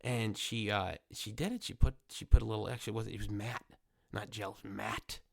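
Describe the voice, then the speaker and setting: A young man with a cold telling a rambling comic story, full of fillers, sometimes jumping into squeaky voices for the people he quotes. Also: steady tone, fairly quick, gravelly, no room sound, clean studio sound. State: nasal from a cold. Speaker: comedy podcast host.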